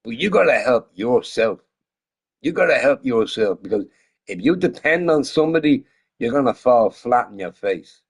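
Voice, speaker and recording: A man with a mid-range, slightly rough voice, marked by vocal fry and lively intonation, talks at normal speed. He's a little drunk while streaming a game, chatting casually, rambling, swearing a lot, and laughing frequently.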